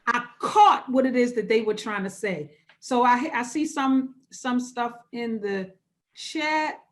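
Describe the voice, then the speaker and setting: Over a video call, a woman pastor with a somewhat high voice teaches an interactive church workshop, taking her time. She's conversational and encouraging, returns to repeat key phrases, and sounds like she's teaching live rather than reading.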